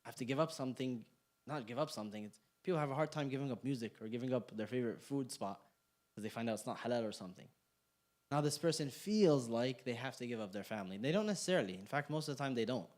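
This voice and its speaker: Animated and quick, with a medium-pitched, slightly mellow voice, a young man teaches at a community center. The class is interactive: he chats playfully, throws in jokes, and fires questions at his students.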